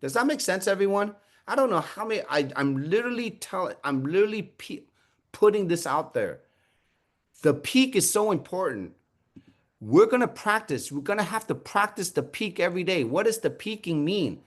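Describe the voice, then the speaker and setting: A man coaching his team over a video call, his voice sitting a touch high. He swings his pitch widely as he fires off rhetorical questions and acts out sample lines. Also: normal speed. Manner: animated, asks many rhetorical questions, acts out sample conversations. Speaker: team leader running a sales training call. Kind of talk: coaching on a group call, calling on people by name.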